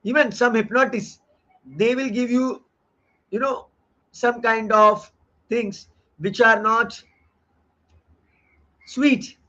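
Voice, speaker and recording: A man's voice: very high voice, steady tone, slow pace, pauses often, pushed and bright. A man giving an online lecture as a book reviewer, explaining earnestly and often repeating his phrases. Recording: dull lo-fi audio.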